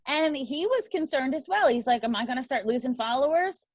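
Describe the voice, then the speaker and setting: A woman's voice: high voice, lively intonation, brisk, dry recording. A woman teaching a crowdfunding class, upbeat and emphatic. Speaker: crowdfunding instructor.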